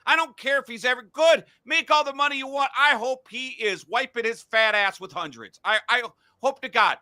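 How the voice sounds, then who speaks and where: A man's voice: very high voice, normal speed, pushed and bright, no echo. A middle-aged man hosting a casual sports podcast from a home studio, blunt and profane when he rants. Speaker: podcast host.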